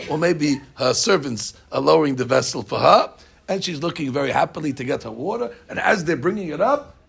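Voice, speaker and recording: Male teacher, religious class, lively storytelling, high voice, gravelly. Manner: animated storytelling with many fillers.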